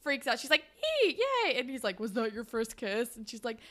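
Woman podcast co-host, higher voice, lively recap, jumps into characters' lines. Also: fairly quick. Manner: animated, acts out characters' lines in bursts. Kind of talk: casual chat recapping a TV episode.

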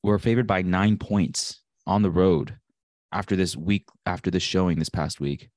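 A man's voice: low voice, normal speed, darkish tone, dry recording, clean studio sound. A man running the betting segment of a casual sports podcast, wry and self-deprecating.

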